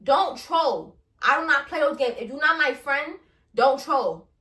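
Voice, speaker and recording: Blunt young woman ranting, high bright voice. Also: a little slow, roomy sound, distant mic. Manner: blunt, animated, laughing, profane. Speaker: podcast host. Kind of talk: casual solo podcast rant.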